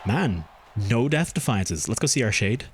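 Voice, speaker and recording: A man streaming a game, chatting casually and thinking aloud as he plays, with his pitch jumping up when something surprises him. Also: big pitch swings, a little slow, slight background noise. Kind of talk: casual gameplay commentary.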